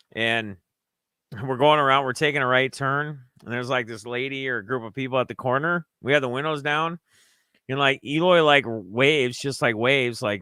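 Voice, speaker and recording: A man's voice: medium pitch, bright, forceful tone, clean tone, no echo. A young man from Minnesota casually recapping a trip, rambling and acting out his friends' lines in raised voices. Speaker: sports card collector vlogger.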